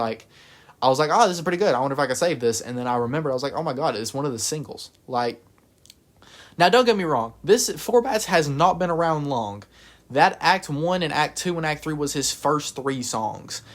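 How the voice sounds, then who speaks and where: Male reviewer, casual talk, middle pitch, rambling delivery with fillers and self-corrections. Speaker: music reviewer.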